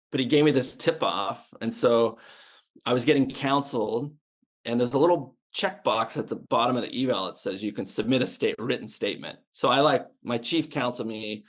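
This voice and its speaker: A medium-pitched American man in his fifties, a former Navy sniper, appears as a podcast guest telling his story. His manner is blunt and casual, full of restarts and swearing.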